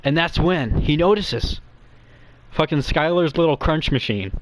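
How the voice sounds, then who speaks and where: A young man rambles through crude, silly tangents, his voice jumping all over the place. He talks quickly and quietly in a nervous, giggly way, like a guest chatting with streamers he admires. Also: a little high, expressive, a little hiss or hum. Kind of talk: rambling comedic chat.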